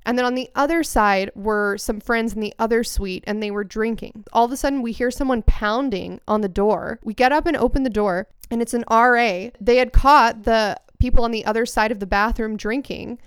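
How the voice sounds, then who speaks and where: Young woman podcaster, kinda high, super smooth voice, dry close sound, rambly and sweary. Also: normal speed, hardly any pauses, no room sound. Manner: rambling storyteller, swears casually. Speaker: podcast co-host. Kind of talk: casual chat.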